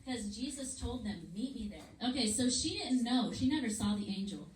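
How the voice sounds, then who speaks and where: Woman teacher telling a lively Bible story. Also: fairly high pitch, moderate pace. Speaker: children's church teacher. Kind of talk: Bible story lesson for children. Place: church classroom. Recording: echoey room, far mic, noisy.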